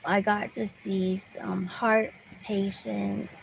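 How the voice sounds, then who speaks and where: Slow, gravelly woman vlogging from her car. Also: mid-range voice, little pitch movement, slight background noise, rough recording. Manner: rambling, restarts often, drops to a whisper at times. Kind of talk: casual storytelling to viewers. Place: car in a parking lot.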